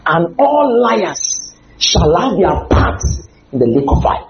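A man preaching a humorous, animated sermon with sudden loud outbursts. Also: sits high, takes it slowly, echoey room, highs cut off, slight background noise.

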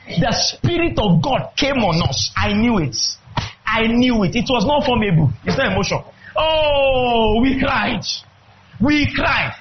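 A man preaching a fervent sermon, breaking into shouts and drawing out words for emphasis. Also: high-pitched, dull audio, noisy background.

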